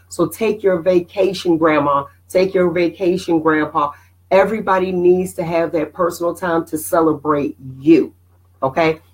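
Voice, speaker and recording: A middle-aged woman hosting a casual motivational live stream, animated and preachy, greeting viewers by name. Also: lowish voice, poor audio.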